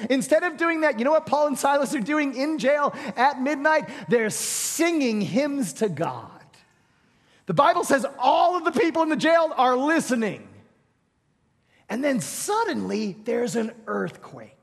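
Male pastor, high voice, dramatic sermon storytelling, loud to hushed, long hall reverb. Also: very animated, unhurried.

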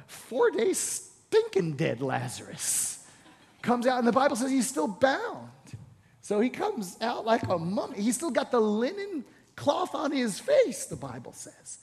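High-voiced preacher in a reverberant hall. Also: male voice, husky. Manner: storytelling, voicing the Bible figures, building to shouts. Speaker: pastor. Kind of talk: sermon.

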